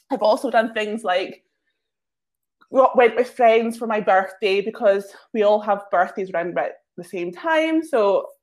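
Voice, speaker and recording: A woman guest telling casual, self-mocking anecdotes, full of filler words. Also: mid-range voice. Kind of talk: casual storytelling.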